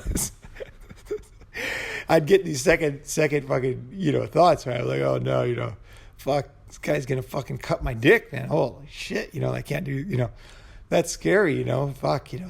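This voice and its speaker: A man with a gravelly, middle-pitched voice talks straight to camera in a loose, profane storytelling way. He rambles and restarts, peppering every thought with "you know" and "right?". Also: darkish tone. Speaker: vlogger. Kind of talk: casual storytelling monologue. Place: Bangkok.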